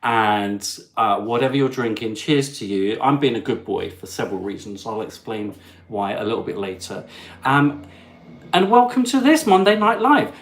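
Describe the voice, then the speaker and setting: A man's voice: mid-range voice, animated, normal speed. A young English man, chatty and upbeat, hosting a casual live-stream chat as a travel vlogger and lifting his voice to greet viewers. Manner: chatty and upbeat, reading out viewers' places with bright lifts.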